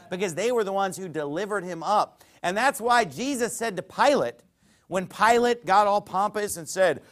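Male pastor, high-pitched, emphatic sermon delivery, quotes scripture in archaic wording. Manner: emphatic preaching with sharp swings in loudness.

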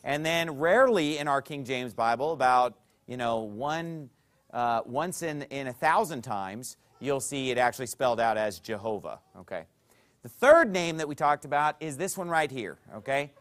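Walking his congregation through a chart, a pastor delivers a teaching sermon, often checking in with "okay?" and swinging between loud, emphatic phrases and quiet ones. His mid-range voice is animated and moderately paced.

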